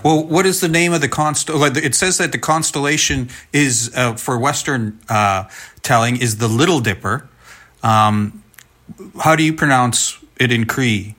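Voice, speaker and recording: A man's voice: medium pitch, a little slow, sharp tone. A male interviewer with an ordinary mid-range voice. He asks short, curious questions and speaks plainly, without much flourish. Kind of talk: interview and voice-over narration.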